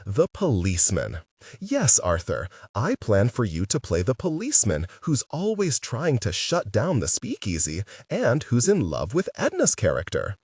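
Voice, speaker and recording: Man doing eccentric middle-aged theater lady, breezy and bossy, lively swooping voice, husky, dry distant mic. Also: medium pitch, a little slow, dry recording, voice pushed up, full character voice. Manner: breezy, commanding, evasive.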